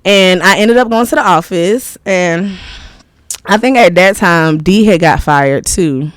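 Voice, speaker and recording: A woman's voice: fairly low pitch, a little slow, no room sound, clean studio sound. A woman in her thirties, a podcast guest telling stories in a candid, rambling way, laughing often. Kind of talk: casual interview storytelling.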